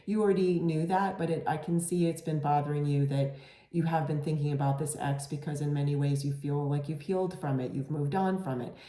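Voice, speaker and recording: Low-voiced woman giving a tarot reading. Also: steady tone, a little fast. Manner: gentle, reassuring, many fillers and restarts. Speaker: tarot reader. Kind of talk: casual tarot reading to camera. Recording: echoey room.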